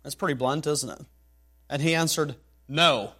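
A man's voice: a little high, moderate pace, bright, forceful tone, husky. A man preaching an expository sermon, reading scripture aloud and building to emphatic, rising declarations.

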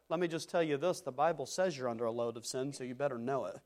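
Delivering a sermon fast in a mid-range voice, a man moves between loud declarations and quieter stretches. His cadence is emphatic and repetitive throughout.

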